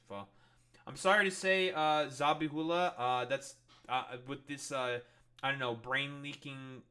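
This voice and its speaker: A man's voice: medium pitch, sharp tone. A man reading news articles aloud and breaking off into exasperated, profane rants, with lots of filler words. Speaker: political commentator.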